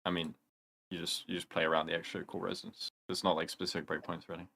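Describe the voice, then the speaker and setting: Young male streamer, gravelly and a touch low; loose, rambling chat with viewers. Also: level tone, fast talker, bright, forceful tone. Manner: rambling, answers chat questions, gamer slang. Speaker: livestream host. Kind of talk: casual livestream chat.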